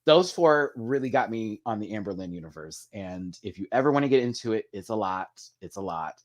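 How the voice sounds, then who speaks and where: A man's voice: animated, a little fast. Chatty gossiping male livestream host. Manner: chatty, gossipy, big swings in pitch and loudness; addresses viewers as "girl" and "y'all". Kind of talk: casual live-chat commentary.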